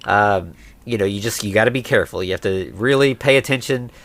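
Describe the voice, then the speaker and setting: A man co-hosting a podcast, casually recapping a movie and putting on quick voices for its characters. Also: fairly low pitch, a bit bright, no echo. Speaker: podcast co-host.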